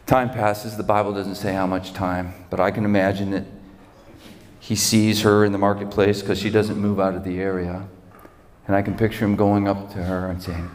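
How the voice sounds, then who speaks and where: A man's voice: lowish voice, steady tone, normal speed. A man preaching as a pastor in a church, retelling a story dramatically and vividly with repeated phrases. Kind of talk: sermon storytelling. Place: church sanctuary. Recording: long church hall reverb.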